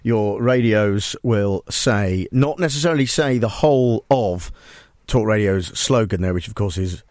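A man hosting a satirical radio show, deadpan and mock-serious. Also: fairly low pitch, moderate pace, no echo, studio quality. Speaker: radio host. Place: radio studio.

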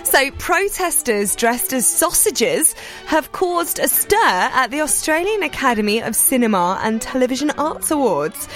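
Woman, radio co-host, lively high voice, giggly news reader. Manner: giggly, bright delivery with lots of laughs. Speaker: radio presenter. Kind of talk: reading light news items, casual banter.

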